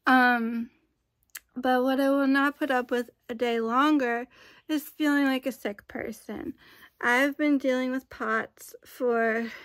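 A woman's voice: high-pitched, fairly bright tone, no echo. A woman vlogging in a casual, chatty way, rambling with frequent asides. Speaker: YouTube vlogger.

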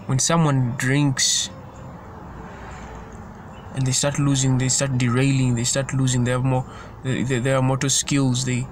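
A man delivers an informal sermon in an earnest voice of middling pitch. He circles back on his points and stumbles over words as he goes. Faint vehicle noise hums in the background. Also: completely flat delivery, a little slow. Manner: earnest, repetitive, stumbles and restarts. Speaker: preacher.

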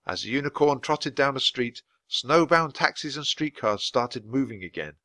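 Give me a man reading a storybook aloud, steady and clear, bright tone. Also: mid-range voice, normal speed, dry recording. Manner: clear, steady, at natural pace for learners. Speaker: reader.

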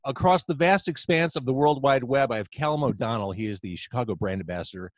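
A man's voice: mid-range voice, lively intonation, fast, no echo. A man hosting a casual live video-chat podcast, upbeat and teasing his guest. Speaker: podcast host. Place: home, indoors. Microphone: video call.

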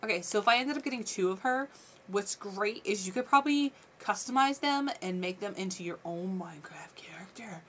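A woman vlogging a toy unboxing in a casual, gushing, excitable chat at her desk. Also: fairly high pitch, a little fast, a little hiss or hum. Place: desk at home.

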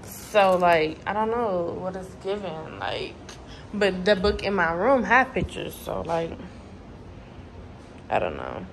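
A woman's voice: lowish voice, big pitch swings, slow, vocal fry, a little hiss or hum, poor audio. A young woman, vlogging casually at home into her phone camera in a rambling, chatty way. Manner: chatty, rambling, lots of "like" and "y'all". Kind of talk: casual home vlog chat. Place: at home, moving between rooms. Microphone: phone camera, sometimes propped farther away.

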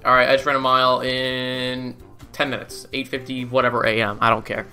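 A man's voice: medium pitch, monotone, a little fast, over music. A young man giving casual, goofy commentary as he plays a game, laughing often and swearing casually. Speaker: gaming YouTuber.

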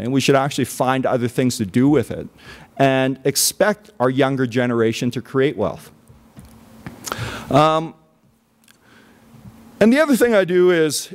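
A man giving a conference talk in a casual, conversational way, often checking in with the audience with "okay?" and pausing on "um". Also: mid-range voice. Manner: conversational, frequent "okay?" check-ins and "um" fillers. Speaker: conference speaker. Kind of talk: keynote talk. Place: conference stage.

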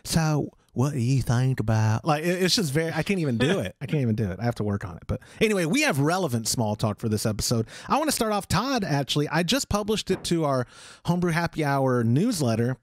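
A man's voice: fairly high pitch, sing-song, fast, no echo, clean studio sound. A man co-hosting a casual podcast, joking and teasing with frequent laughs. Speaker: podcast co-host.

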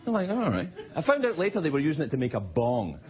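Animated Scottish man telling a monologue. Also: on the high side, racing, very noisy. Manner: animated storytelling with playful voices for quoted people. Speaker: late-night talk show host. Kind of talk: stand-up monologue. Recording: studio with loud audience laughter. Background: live studio audience laughing.

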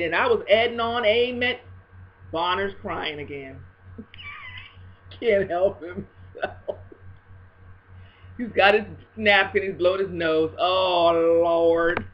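A woman talking in a casual faith video blog, expressive and swinging between hushed and loud. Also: mid-range voice, lo-fi sound.

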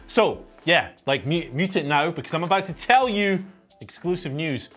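A croaky man co-hosts wrestling news, his voice a touch high and his jokes dry and sarcastic. Faint music sits behind him. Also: expressive, normal speed, a bit bright. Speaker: news show co-host. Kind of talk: casual chat.

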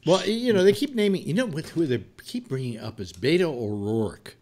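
Guy hosting a talk show, voice bouncing up and down, argues hard, keeps cutting in. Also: normal speed. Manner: argumentative, interrupts, lively pitch. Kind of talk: heated political argument.

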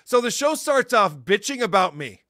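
A man's voice: high voice, big pitch swings, moderate pace, sharp tone, dry recording, clean studio sound. A man talking as a podcast guest in casual chat, ranting with sarcasm and swearing.

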